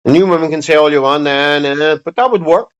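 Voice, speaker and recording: Over a dull, lo-fi recording from his home streaming setup, a man rambles casually to his livestream audience, blunt and heavy on profanity. His fairly high voice flows smoothly at a quick pace.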